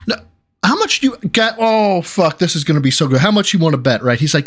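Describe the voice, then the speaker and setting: A man's voice: a little high, expressive, fast talker, fairly bright tone. A man doing casual livestream commentary, sarcastic and profane, mocking the clip he reacts to. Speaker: streamer reacting to clips.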